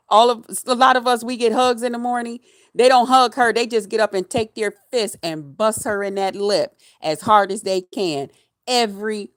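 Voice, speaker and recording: A woman's voice: on the high side, no room sound, studio quality. A woman livestreaming a mocking rant at her viewers, taunting and emphatic, laughing between jabs and repeating her phrases.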